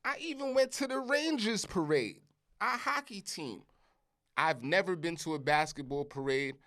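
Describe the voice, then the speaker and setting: Cursing and tossing in "you heard?" to hammer his points, a middle-aged Brooklyn podcast host talks through a casual monologue at normal speed. He has a thick New York accent, a pitch that swings up and down, and an emphatic, animated delivery.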